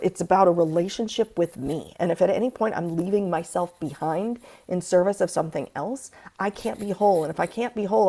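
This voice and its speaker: A woman with a low, gravelly voice hosts a casual spiritual chat. She talks with passion, swears freely and acts out her inner voices. Her tone is mellow and dark. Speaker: podcast host.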